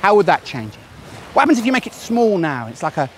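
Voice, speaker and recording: A man's voice: high-pitched, quick pace, slight background noise. A man speaking straight to camera as a self-help coach, talking through phobias and now and then putting on silly voices in play. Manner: animated, playfully acts out silly voices. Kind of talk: direct-to-camera advice video.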